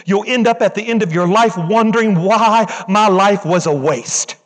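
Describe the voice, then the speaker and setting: A man preaches a passionate sermon, hammering home his points with rhythmic repetition and calling out to the congregation. His voice is high-pitched at a normal speed, and a large hall gives it long reverb.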